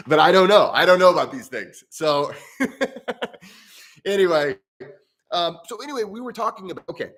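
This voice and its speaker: A man's voice: slow, pauses often. A man hosting a live stream on breathwork, answering viewer mail in a casual, rambling way with many restarts and easy laughs. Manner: rambling and chatty, with frequent restarts and self-corrections; animated, with pitch jumping up and down.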